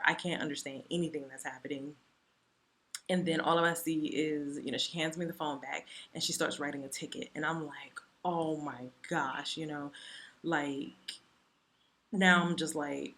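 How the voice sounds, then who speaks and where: Low-voiced chatty woman telling a story. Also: normal speed. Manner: chatty, animated retelling full of "you know" and "like". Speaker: vlogger. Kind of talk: casual storytime vlog.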